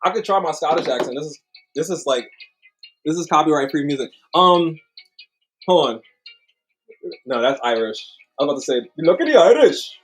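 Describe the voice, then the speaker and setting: A man's voice: fairly high pitch, normal speed, pauses often, fairly bright tone, rough recording. A young man co-hosting a casual livestream chat, rambling and apologetic, laughing often. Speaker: livestream co-host.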